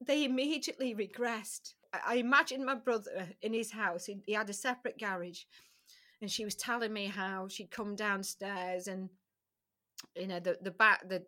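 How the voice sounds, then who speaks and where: A middle-aged woman speaks as a podcast guest, telling a personal story with a bright, forceful voice. She talks frankly and emotionally, breaking off and restarting her sentences often and letting the odd swear word slip. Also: medium pitch, steady tone, normal speed. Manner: candid, emotional, with frequent restarts.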